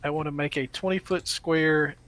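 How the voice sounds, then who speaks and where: Higher-voiced guy playing a tabletop game, thinking out loud about his spells. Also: steady tone, normal speed, a little hiss or hum. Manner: thinks aloud, counting out spell ranges. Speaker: player. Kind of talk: casual tabletop play.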